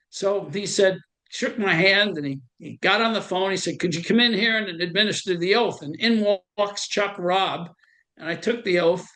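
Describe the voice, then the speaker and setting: A man's voice: sits high, moderate pace, sharp tone. Older man telling his war story. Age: 70s. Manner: conversational, acts out the voices of people he quotes. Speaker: veteran interviewee. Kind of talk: oral history storytelling.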